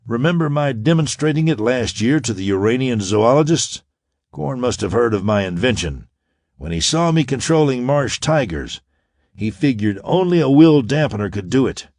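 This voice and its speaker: A man voicing a bold young space hero who talks calmly, grimly and with confidence. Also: medium pitch, no echo, studio quality. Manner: calm, grim and confident.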